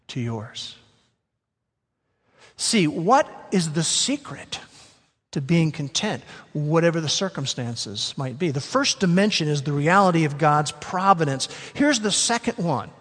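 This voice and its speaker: Man, pastor, sermon delivery, high voice, emphatic, stretches key words, long reverb in a church hall. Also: fairly bright tone.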